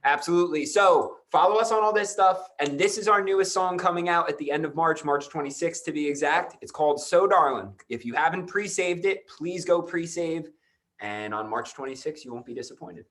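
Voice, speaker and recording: A man's voice: fairly high pitch, brisk, a bit bright. A man in his late twenties from New Jersey, a band musician giving short, laid-back answers in a casual interview. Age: late 20s.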